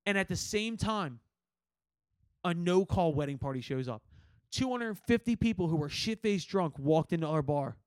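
A man's voice: sits high, normal speed, no echo. A young man, hosting a podcast and telling a story casually, swearing freely and acting out what people said. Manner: animated storyteller, swears a lot, acts out quotes. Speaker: podcast host.

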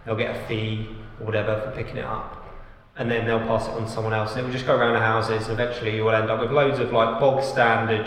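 A man's voice: on the low side, a bit bright. A man chatting casually as a podcast guest, rambling with plenty of fillers. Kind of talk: casual chat. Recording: echoey room with long reverb, faint background noise.

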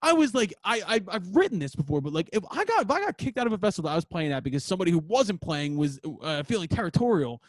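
A man hosting a podcast, swearing freely as he tells animated stories with a voice that swings up and down across a wide range. His voice sits a little high for a man. The sound is dry and close. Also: no room sound. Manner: animated, profane, quick storytelling. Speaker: podcast host and band member. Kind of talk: casual chat, storytelling.

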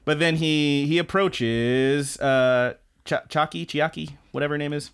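A man's voice: on the high side, fairly even intonation, measured pace, fairly bright tone, clean tone. A man co-hosting a podcast, casually recapping an anime in a loose, rambling way with crude asides. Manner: rambling, loose retelling full of "blah, blah, blah" and crude jokes. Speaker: podcast co-host.

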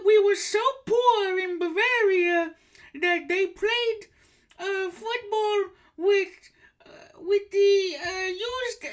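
A man in falsetto doing a gushing old psychic lady. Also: a bit bright, heavily acted. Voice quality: shrill falsetto, gushing and theatrical. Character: flamboyant older female psychic from Eastern Europe. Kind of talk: comedic podcast skit.

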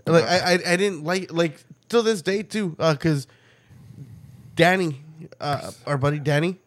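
A man co-hosting a podcast in casual chat, profane and laughing often, breaking into quick mocking impressions. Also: on the high side. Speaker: podcast co-host.

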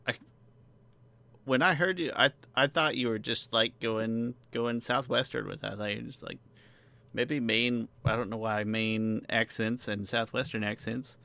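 A man's voice: on the low side, gravelly, pushed and bright. A man hosting a casual podcast chat, rambling and joking with his co-host. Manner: rambling, joking, self-deprecating asides.

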